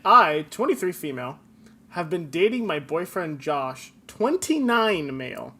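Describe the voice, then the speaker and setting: A man's voice: a little high, big pitch swings, a little slow, a crowd in the background. A man in his twenties co-hosting a comedy podcast, joking around, laughing often and reading listener stories aloud. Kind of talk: casual comedic chat.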